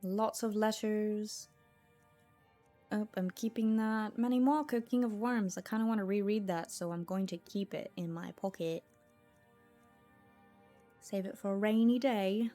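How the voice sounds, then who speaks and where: A woman's voice: mid-range voice, unhurried, pauses often, dark tone. A woman streamer giving casual gameplay commentary, thinking aloud to herself in a chatty way and laughing easily. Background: faint music.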